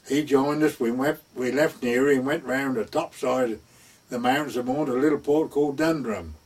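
A man's voice: a little high, a little mellow, husky, recorded from a distance. Older man telling old sea stories. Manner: rambling anecdotal, acts out quoted speech. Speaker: interviewee recounting wartime service at sea. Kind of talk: oral history storytelling.

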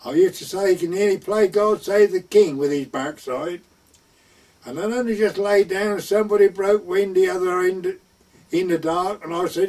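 Recorded on a distant mic, an older man with a high, somewhat mellow voice recounts his wartime years at sea in a rambling oral history. He speaks animatedly at a moderate pace, telling anecdotes and acting out what people said.

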